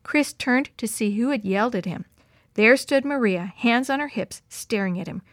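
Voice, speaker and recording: A woman's voice: fairly high pitch, moderate pace, no echo, studio quality. Woman reading a children's story aloud. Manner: steady, expressive storytelling. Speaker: narrator.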